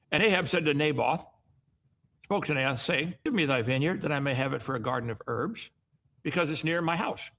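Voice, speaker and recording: A man's voice: fairly high pitch, gravelly, fairly bright tone. A middle-aged man reading Bible passages aloud and breaking off into folksy asides that often end in "okay?". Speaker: Bible teacher. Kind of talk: reading and commenting on scripture.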